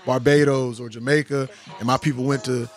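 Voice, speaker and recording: A man's voice: mid-range voice, steady tone, brisk. A man from Texas with a Southern drawl, talking in an emphatic, rambling, slangy way in a casual discussion. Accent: Texan Southern drawl. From Austin, Texas.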